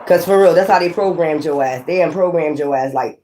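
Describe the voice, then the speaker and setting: A woman's voice: low-pitched, brisk, warm tone. A woman giving a casual tarot reading in a blunt, profane, scolding way, full of rambling sassy asides. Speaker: tarot reader.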